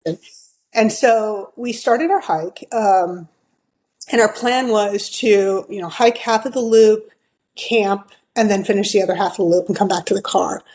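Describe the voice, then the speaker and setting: A woman's voice: medium pitch, measured pace, a little mellow, low-quality recording. Chatty woman telling a hiking story. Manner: chatty, full of fillers and quoted dialogue. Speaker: podcast guest. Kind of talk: casual storytelling.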